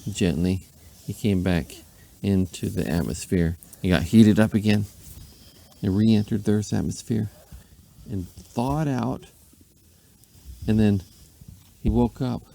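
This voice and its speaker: A man's voice: on the low side, gravelly, mellow. A man, a dad, rambling playfully through an improvised bedtime story. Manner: rambling, playful, with silly asides.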